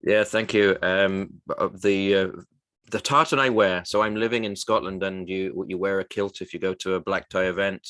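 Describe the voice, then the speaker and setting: Low-voiced man, halting and reflective. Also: steady tone, a bit bright, dry recording. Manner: halting, reflective, restarts often. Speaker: guest, recruitment firm co-founder. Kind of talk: radio interview, personal story.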